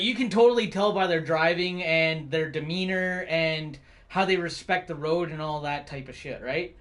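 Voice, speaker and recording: A man's voice: high-pitched, a bit bright. A man streaming live, ranting casually about bad drivers with constant swearing and rambling filler words. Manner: profane, rambling, heavy on fillers. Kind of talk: casual rant.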